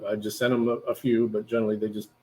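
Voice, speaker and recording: A man's voice: on the low side, level tone, rapid-fire, a little mellow. A man at a staffing agency explaining next steps on a phone call, with many hesitant fillers.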